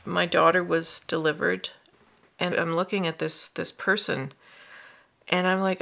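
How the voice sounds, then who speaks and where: A woman telling her story as a mother in a documentary, frank and quietly confessional. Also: fairly low pitch, level tone, a little slow, gravelly, long pauses. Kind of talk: documentary testimony.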